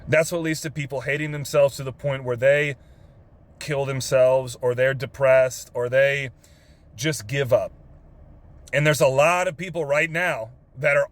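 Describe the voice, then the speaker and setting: A man's voice: medium pitch, steady tone, unhurried. A young man from Texas with a drawl, earnestly telling an emotional story in his car, swearing casually with lots of fillers. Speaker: vlogger. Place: parked car.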